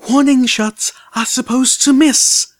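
A man voicing a stern, refined young mare medic with a crisp delivery. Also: on the high side, expressive, fairly quick, voice pushed up.

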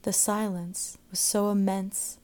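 Woman storyteller, unhurried and expressive, warm dark tone. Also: mid-range voice. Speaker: narrator. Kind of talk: scripted narration of a short story.

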